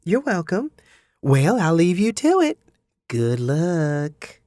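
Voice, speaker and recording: A man's voice: a little high, huge pitch swings, takes it slowly, a little mellow, no echo, studio quality, pitched above the performer's own voice, full character voice. A man voicing a gracious middle-aged mother who speaks politely, like a hostess, in an audiobook.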